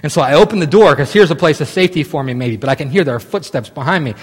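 A man in his thirties telling a long story casually, animated and full of restarts. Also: fairly high pitch, fast talker, breathy edge. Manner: animated, many restarts and "right?" asides. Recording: long hall reverb.

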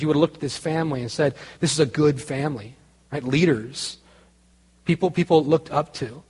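Husky-voiced man preaching in a hall. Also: mid-range voice. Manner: conversational, self-interrupting, grows quiet and earnest. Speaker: pastor. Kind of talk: sermon with storytelling.

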